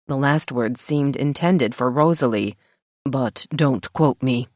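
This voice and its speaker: A woman's voice: very deep voice, takes it slowly, a little mellow, no room sound. A woman narrating an audiobook in first person, with a wry storytelling manner, on a close mic. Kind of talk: scripted narration.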